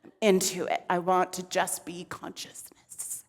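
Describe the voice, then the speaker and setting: A woman doing a hushed, drowsy male god. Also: lowish voice, completely flat delivery, whispered, long reverb tail, pitched below the performer's own voice. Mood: annoyed. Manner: slow, hushed and dreamy. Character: blissed-out lazy male god, calm and drowsy.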